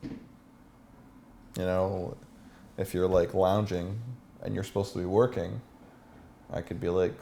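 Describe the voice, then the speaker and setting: A man's voice: low voice, flat delivery, a little slow, creaky, pauses often, dark tone, a little hiss or hum. A man teaching a seminar as a dating coach, asking the room questions and acting out example lines.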